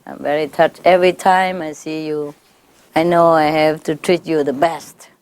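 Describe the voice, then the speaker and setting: A woman spiritual teacher speaking informally to her followers, laughing often and repeating warm phrases. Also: low voice, steady tone, normal speed. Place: gathering with a live audience.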